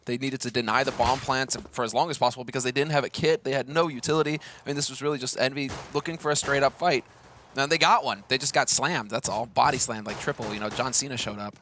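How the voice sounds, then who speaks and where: A man's voice: mid-range voice, fairly even intonation, fast, pushed and bright, a little hiss or hum. A man doing color commentary on a live esports match, joking and hyping the plays with lots of casual fillers. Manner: joking, hype-driven, lots of "you know" and "like". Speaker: esports co-caster.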